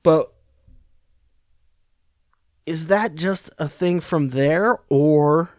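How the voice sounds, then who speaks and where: A man's voice: a little high, extremely slow, a little mellow, no room sound, clean studio sound. A man hosting a podcast, giving casual political commentary in a rambling, sarcastic, profane way. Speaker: podcast host.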